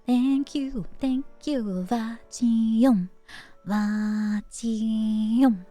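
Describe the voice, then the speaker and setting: A young native Dutch speaker with a Dutch accent streams and chats casually with her viewers, reading the chat aloud. Her voice is mid-range, animated, and a little slow, and she's giggly and playful. The recording is dry, with faint music in the background.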